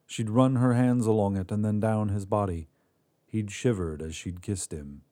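A man hosting a fiction podcast, reading a short story in a measured way that drops quiet on sad moments. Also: fairly low pitch. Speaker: podcast host and narrator. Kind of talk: scripted story narration.

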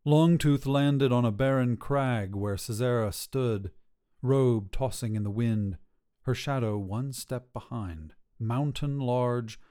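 A man narrating a dark fairy tale in a slow, hushed storybook telling. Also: medium pitch.

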